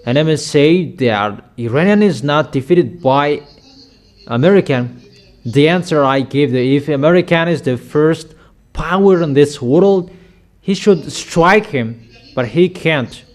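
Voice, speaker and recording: A man preaching a sermon with slow, emphatic declarations, often repeating his lines for weight. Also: on the high side, expressive.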